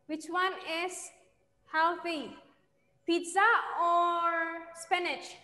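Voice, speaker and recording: Slow, bright-voiced woman teaching English to kids. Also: extremely high pitch, fairly even intonation. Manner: slow, patient, repeats questions to children. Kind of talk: online kids' English lesson. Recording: echoey room with long reverb.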